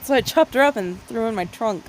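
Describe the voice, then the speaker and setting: A woman's voice: fairly high pitch, expressive, quick pace, noisy background. A woman co-hosting a casual podcast, talking bluntly and with exasperation, with lots of swearing. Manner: profane, blunt, exasperated ranting. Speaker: podcast co-host. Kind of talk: casual chat.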